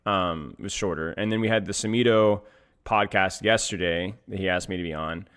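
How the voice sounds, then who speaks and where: Here a man with a low, smooth, slightly bright voice speaks at a moderate pace. He's streaming and coaching a game, chatting loosely with viewers and repeatedly cracking up with giggly laughter.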